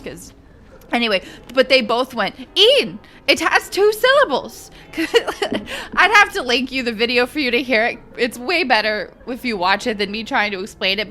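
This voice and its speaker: A woman's voice: on the high side, sharp tone. A woman gaming streamer chatting in a rambling, talkative way during a let's play. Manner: chatty, rambling, laughing asides.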